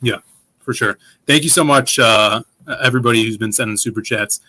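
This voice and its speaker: A man's voice: mid-range voice, fairly quick, pushed and bright. A man hosting a casual comics livestream, reading viewer messages aloud in a playful, upbeat way. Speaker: host reading chat.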